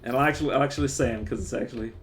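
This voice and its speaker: A man's voice: mid-range voice, very fast, a little hiss or hum. A man streaming live, chatting casually, often breaking into laughter and restarting his sentences.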